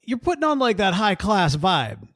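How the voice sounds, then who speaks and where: A man co-hosting a podcast, talking in a relaxed way with lots of fillers and frequent laughter. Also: high-pitched, moderate pace, no room sound. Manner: easygoing, laughs often, many fillers. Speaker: podcast co-host. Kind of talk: casual chat.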